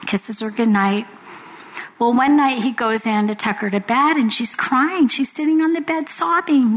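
A woman's voice: high voice, normal speed, rough recording. A woman giving an earnest devotional talk to women, telling a story to make her point.

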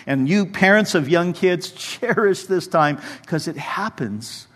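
A man's voice: on the high side, animated, unhurried, few pauses. A man in his forties preaching a conversational sermon as a pastor, acting out his own past prayers in a church. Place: church sanctuary. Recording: reverberant hall.

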